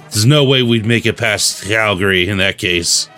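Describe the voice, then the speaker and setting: A man's voice: fairly low pitch, moderate pace, sharp tone, soft background music. A man reading fan fiction aloud on a podcast, with dry asides between passages.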